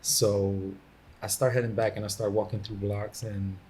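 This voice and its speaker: Low-voiced man telling stories with slang. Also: normal speed, slight background noise. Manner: animated storyteller, acts out quotes with laughter and slang. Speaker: podcast guest. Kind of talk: casual storytelling chat.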